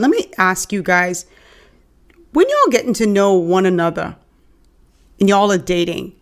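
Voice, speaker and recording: A woman co-hosting a reaction show, commenting on a clip and putting pointed questions to the viewers. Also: mid-range voice. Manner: questioning, addresses viewers directly.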